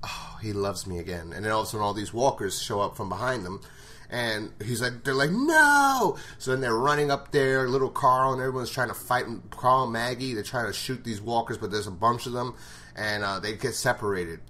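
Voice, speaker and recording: A man's voice: medium pitch, fairly even intonation, fairly quick, sharp tone. A man giving a casual episode recap, blunt and full of swearing. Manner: blunt and profane. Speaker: show reviewer.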